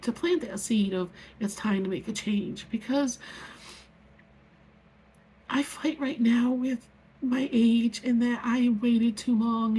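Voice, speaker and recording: In this emotional personal vlog, a middle-aged woman speaks with a fairly high, a little mellow, husky voice. Her storytelling is heartfelt and earnest but rambling, and she keeps restarting sentences.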